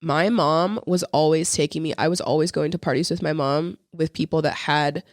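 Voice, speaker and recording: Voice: mid-range voice, fairly even intonation, moderate pace, no echo, studio quality. A young adult podcast co-host in rambling, slangy casual chat, swearing freely and acting out quoted lines.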